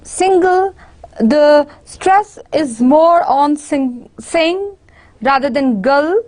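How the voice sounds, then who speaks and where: A high-pitched university lecturer teaches a slow classroom lecture, repeating example words again and again to model their stress. She pauses often, uses many fillers and restarts her sentences.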